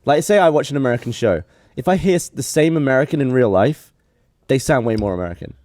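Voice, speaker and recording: Animated British man, dry sound. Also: medium pitch, quick pace, dry recording. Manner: animated storyteller, makes sound effects. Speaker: podcast co-host. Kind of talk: casual chat.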